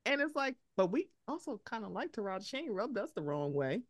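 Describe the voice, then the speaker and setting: A young woman from Baltimore hosting a podcast, chatting casually and profanely, acting out quotes with animated energy. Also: mid-range voice, fairly quick, no echo, clean studio sound. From Baltimore, USA. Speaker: podcast host. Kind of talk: casual chat. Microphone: podcast mic.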